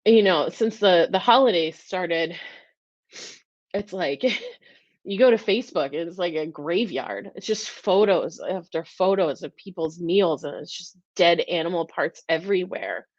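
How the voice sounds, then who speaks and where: A woman's voice: fairly low pitch, unhurried, no echo. Earnest, emotional woman host on a dull recording. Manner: emotional, earnest, rambling with restarts. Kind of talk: live-stream talk. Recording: dull, dry lo-fi sound.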